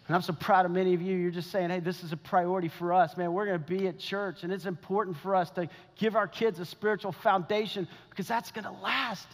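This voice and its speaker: Earnest preaching man in a reverberant hall. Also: sits high. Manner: earnest, animated preaching with many restarts. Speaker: pastor. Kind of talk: sermon. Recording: long reverb of a large hall.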